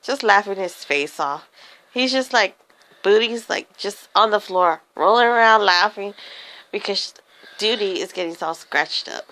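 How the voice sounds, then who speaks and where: A woman's voice: medium pitch, lively intonation, a little slow, sharp tone, poor audio. A woman telling an improvised silly story, giggly and rambling.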